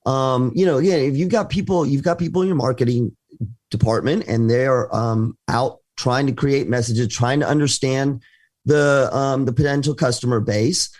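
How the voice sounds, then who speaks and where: A man's voice: mid-range voice, normal speed, darkish tone. A man co-hosting a business talk show, speaking conversationally with frequent restarts and hesitations. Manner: hesitant, many restarts and fillers. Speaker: podcast co-host.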